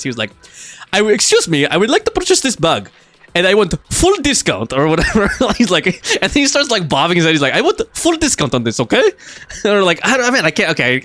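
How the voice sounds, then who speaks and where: A man streams a video game live, chatting casually with viewers, laughing often and reading game text aloud. His voice is on the high side, bright and forceful, with no echo.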